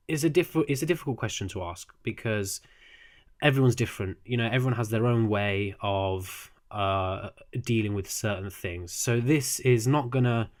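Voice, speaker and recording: Earnest young man giving casual advice. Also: fairly low pitch. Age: young adult. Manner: earnest, repeats "okay?" often, frequent restarts. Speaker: student vlogger giving advice. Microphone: desk microphone.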